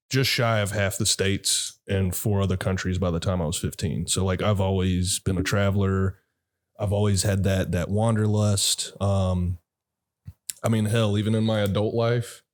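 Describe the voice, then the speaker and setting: A man who is a podcast guest, an actor and director, rambling through personal stories in a laid-back, profane way. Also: low-pitched. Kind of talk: casual storytelling chat.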